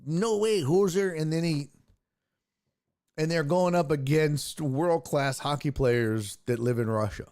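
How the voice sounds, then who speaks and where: A man's voice: fairly high pitch, unhurried, darkish tone, clean tone. Ranting male sports talk host. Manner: profane, ranting, restarts often. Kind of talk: casual livestream sports talk.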